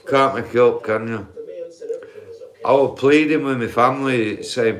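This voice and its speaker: A man's voice: medium pitch, a little slow, long pauses. A man ranting profanely on a live stream, laughing at his own points and calling his viewers guys.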